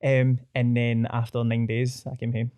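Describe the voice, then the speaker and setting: A young Glaswegian man hosting a podcast, telling stories in broad slang with animated quoted voices. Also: mid-range voice, normal speed, smooth, dry recording, clean studio sound. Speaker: podcast host. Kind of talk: casual chat.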